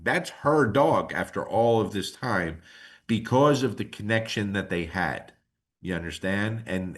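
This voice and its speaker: A middle-aged man who trains dogs, telling stories in an emotional, animated and casual way as a podcast guest. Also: fairly low pitch. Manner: casual, slangy. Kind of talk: podcast conversation.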